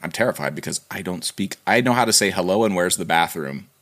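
A man hosting a podcast in casual conversation, animated and self-deprecating, with lots of fillers, talking over a remote call. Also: low voice, quick pace. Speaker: podcast host.

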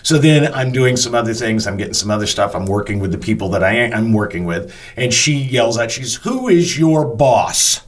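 A man, a front of house manager, telling a personal story in a casual, animated way and swearing freely. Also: lowish voice, fairly quick, hardly any pauses.

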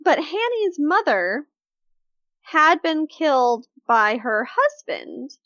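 A woman co-hosting a casual true-crime podcast, telling the case in a chatty, animated way with lots of fillers. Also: sits high, takes it slowly, no echo, muffled recording.

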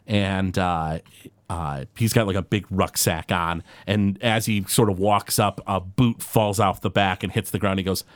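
A man running a tabletop game as game master, narrating in a relaxed, hesitant way. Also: low-pitched, a little slow, dry recording.

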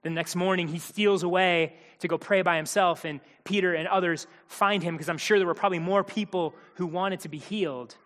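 A man's voice: high-pitched, steady tone, fairly quick, few pauses, a bit bright, big-room sound. A man preaching a sermon in a conversational, emphatic way, acting out the quotes he tells.

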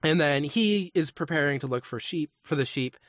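A man's voice: a little high, lively intonation, moderate pace, a bit bright, no room sound, studio quality. Chatty man rambling with lots of ums. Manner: rambling, hesitant, full of ums. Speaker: podcast co-host. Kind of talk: casual chat retelling a saga.

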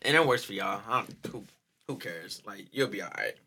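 A man co-hosting a casual chat, animated and profane, laughing often and acting out quotes. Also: on the low side, brisk, slightly rough.

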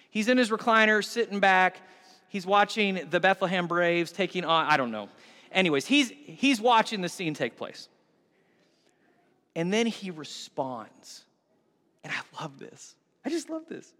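A man preaching a sermon as pastor, telling the story with lively, animated acting-out of scenes. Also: high-pitched, in a large hall.

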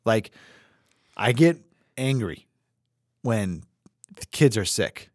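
A man in his thirties co-hosts a podcast in easy, casual chat. He is animated and laughs often, and his pitch rises and falls widely as he slips into other people's voices. The sound is close and dry, with no room echo. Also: slow pace. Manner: animated, laughing, mimics voices when telling stories. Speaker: podcast co-host.

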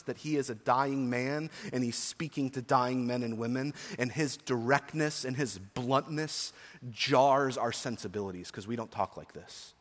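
A man in his forties preaches to his congregation in a voice of ordinary middle pitch, earnest and emphatic, and he slips into chatty personal asides. His words ring out with the long reverb of a church hall. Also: a bit bright. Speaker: pastor. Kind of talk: sermon. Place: church sanctuary.

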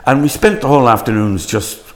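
A man's voice: medium pitch, fairly quick. An older man, a stage actor, reminiscing in an interview with rambling, stop-start storytelling.

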